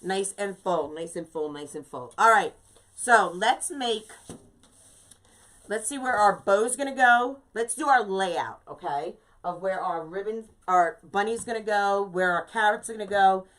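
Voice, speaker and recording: A woman's voice: mid-range voice, expressive, unhurried, fairly bright tone. A woman in her fifties talks her way through a live craft demonstration. Her delivery is chatty and emphatic, leaning hard on key words. She breaks off now and then to greet viewers by name. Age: 50s. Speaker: craft instructor and shop owner. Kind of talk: live-streamed craft tutorial.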